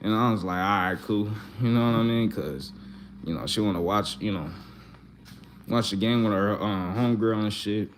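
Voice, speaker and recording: A man's voice: on the low side, moderate pace, slight background noise. A man talking in a casual, profane, repetitive rant, upset and fired up after his team lost. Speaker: Eagles fan. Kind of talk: casual venting monologue.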